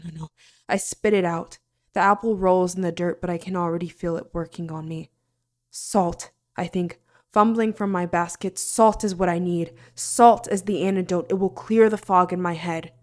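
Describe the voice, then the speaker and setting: A woman reading a fantasy novel aloud in the first person, expressive, sometimes dropping to a near-whisper. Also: lowish voice, moderate pace. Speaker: audiobook narrator.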